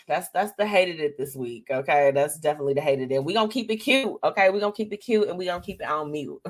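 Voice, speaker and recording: Heartfelt woman host talking to y'all. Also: deep voice. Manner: emotional, heartfelt, addresses listeners as y'all. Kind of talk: candid live show chat.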